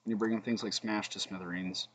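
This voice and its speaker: Low-voiced man muttering through a card game. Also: level tone, quick pace, a bit bright, slight background noise, rough recording. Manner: thinks aloud, mutters and hums between plays; joking asides to the chat. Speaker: streamer playing a card game. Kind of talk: casual gameplay commentary.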